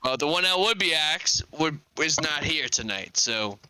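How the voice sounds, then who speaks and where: A man hosts a live podcast in a loose, rambling, chatty way. His voice is very bright and smooth, a little higher than most men's, and the sound is dry and close with no room echo. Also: expressive, normal speed. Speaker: podcast host. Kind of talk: casual live podcast chat about wrestling.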